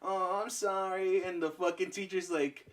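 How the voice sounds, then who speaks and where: A young man co-hosting a comedy podcast, telling crude anecdotes with lots of swearing and doing quick voices for the people in his stories. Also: high-pitched, distant mic. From Mexican heritage, US. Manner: profane, animated storytelling with put-on voices. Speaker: podcast co-host. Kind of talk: casual comedic chat.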